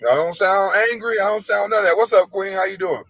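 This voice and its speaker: Man laying out his side straight up, blunt and a lil frustrated, slightly high voice. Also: steady tone, fast talker, fairly bright tone, dry recording, low-quality recording. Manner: blunt, matter-of-fact, frustrated. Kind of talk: casual self-defending explanation.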